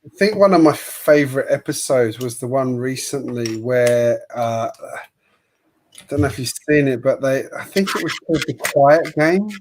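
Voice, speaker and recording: A man's voice: mid-range voice, expressive, unhurried, darkish tone, slight background noise. A man hosting a livestream, chatting casually and rambling with opinions and frequent laughs while he builds. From Sydney, Australia. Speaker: livestream host building a toy kit.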